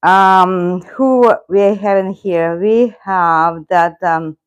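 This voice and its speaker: Speaking very slowly in a lowish, clean-toned voice, a middle-aged Russian-accented woman rambles casually on a live stream. She addresses her cat as well as her viewers, through a loosely attached clip-on microphone.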